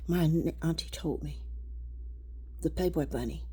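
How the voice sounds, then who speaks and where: Woman, low-pitched, rambling spiritual talk; halting, repetitive, shifts between hushed and loud. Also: breathy edge. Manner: halting, repeats words.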